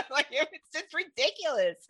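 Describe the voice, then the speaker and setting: A woman in her thirties co-hosting a podcast, chatting casually about a movie, animated, laughing often and acting out quoted lines. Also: high voice, moderate pace, crowd noise. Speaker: podcast co-host. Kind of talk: casual movie review chat.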